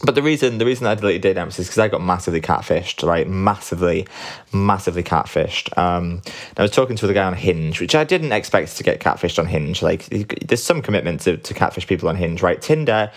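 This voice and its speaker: A man hosting a podcast from home at night, sleepy and relaxed, rambling candidly and swearing casually. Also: deep voice, fairly quick. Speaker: podcast host. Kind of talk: casual solo podcast chat.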